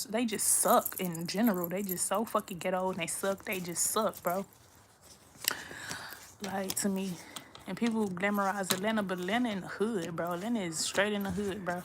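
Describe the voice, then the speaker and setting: A woman's voice: medium pitch, background noise. A young woman from Texas, chatting to camera at home in a blunt, profane, rambling way. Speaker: vlogger. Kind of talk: casual chat to camera. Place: her room at home.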